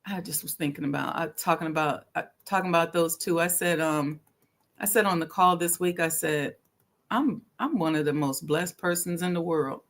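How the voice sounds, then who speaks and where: A middle-aged woman speaks at a moderate pace in a lowish voice while hosting a history talk show. A historic preservation consultant and channel host, she teaches conversationally and preachily, often laughing and using slang.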